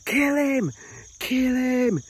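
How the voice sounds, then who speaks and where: A woman's voice: drawn-out words, husky, heavily acted. A man doing shrieking old women. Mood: bloodthirsty. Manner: shrill, piercing screams. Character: screeching old women calling for a killing.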